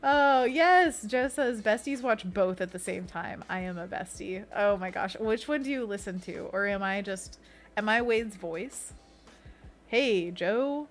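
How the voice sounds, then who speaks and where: A woman's voice: mid-range voice, a little slow. Chatty young woman art streamer. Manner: chatty, giggly, jumps into playful bits. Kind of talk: casual livestream chat while painting.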